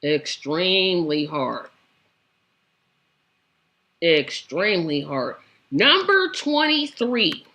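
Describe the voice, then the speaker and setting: A woman's voice: on the low side, big pitch swings, drawn-out words, pauses often, bright, forceful tone. A woman hosting a political commentary show, talking in a sassy, exasperated way and hammering her points with repetition. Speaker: show host.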